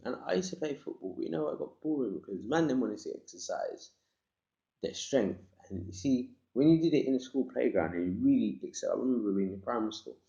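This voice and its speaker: A man's voice: mid-range voice, creaky, mellow. A man in a meandering religious monologue, quoting scripture and mixing in street slang, recorded in an echoey room with dull lo-fi sound.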